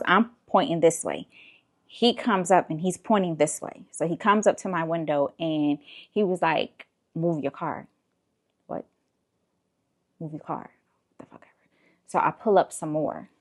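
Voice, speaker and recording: Casual woman vlogger, 30s, lowish voice, exasperated and animated storyteller. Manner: animated, exasperated retelling with profanity.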